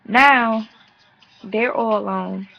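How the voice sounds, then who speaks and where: A woman's voice: on the high side, extremely slow, creaky, dull audio. A woman giving a brash, profane, sassy casual recap of a reality show episode. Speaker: vlogger reviewing a reality show.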